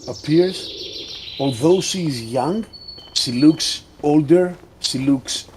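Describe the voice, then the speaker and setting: A man narrating a tabletop role-playing game as game master, in a slow, deliberate storytelling manner. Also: on the high side, noisy background.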